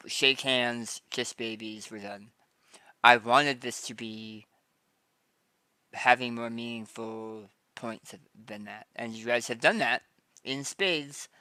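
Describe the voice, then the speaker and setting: A man narrating as game master of a tabletop game in a relaxed way, with many ums and restarts. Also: mid-range voice, smooth, no room sound.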